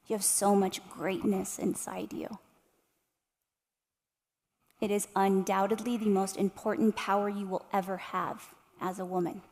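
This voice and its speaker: A woman's voice: mid-range voice, little pitch movement, measured pace, pauses often, a little mellow, long reverb tail. A woman in her thirties giving an inspirational keynote to a live audience, speaking passionately and asking them rhetorical questions. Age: 30s. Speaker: motivational speaker.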